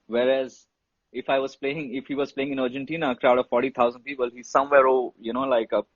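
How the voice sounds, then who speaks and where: A man who tells a story in a casual, animated way and swears freely. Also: mid-range voice, fast, no room sound. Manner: animated, swears freely, says bro and dude. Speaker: guest telling a story. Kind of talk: casual storytelling on a live stream. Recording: dull, muffled sound.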